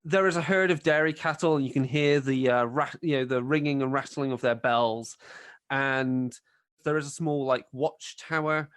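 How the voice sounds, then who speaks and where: A man's voice: mid-range voice, steady tone, normal speed, fairly bright tone, clean tone, no room sound, clean studio sound. A man narrating a tabletop game as game master, describing scenes in a rambling way with plenty of fillers.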